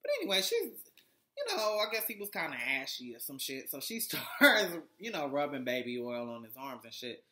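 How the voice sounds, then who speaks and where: A foul-mouthed vlogger recaps a reality show in loose, rambling talk full of fillers and restarts. The voice has a bright, tense edge. The delivery stays blunt and sarcastic throughout. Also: mid-range voice, huge pitch swings, moderate pace. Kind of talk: casual episode recap.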